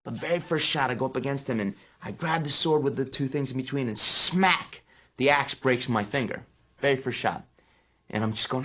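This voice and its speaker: A man in his thirties from New Jersey, an actor answering interview questions with lively anecdotes he acts out. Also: moderate pace. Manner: animated storyteller acting out quotes with sudden high yelps.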